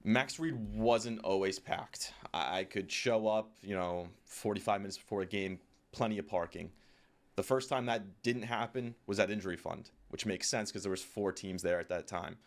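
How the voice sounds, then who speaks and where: Deep-voiced male sports co-host. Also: moderate pace. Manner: relaxed, easygoing with filler words. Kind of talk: casual sports chat.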